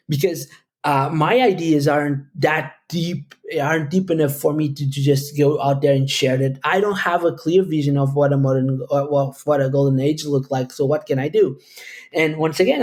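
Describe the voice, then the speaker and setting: Man with a highish voice. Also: darkish tone. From Portugal. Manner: thoughtful, long-winded, frequent restarts. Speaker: guest, educator. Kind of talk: conversational interview answers.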